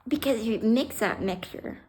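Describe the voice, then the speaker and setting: A woman with a fairly high, darkish voice talks unhurriedly with lively intonation. A retired fire rescue worker, she tells her own story in a casual vlog, blunt and candid, swearing and blending humor with raw emotion. She retells scenes by acting out both sides of the conversations.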